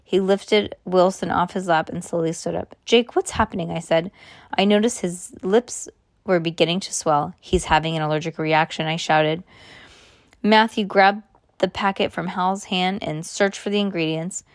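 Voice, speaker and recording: A woman's voice: fairly low pitch, fairly even intonation, measured pace, no echo, studio quality. A woman reading a novel aloud, now and then stopping to explain in her own words. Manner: plain reading with spoken asides. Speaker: reader.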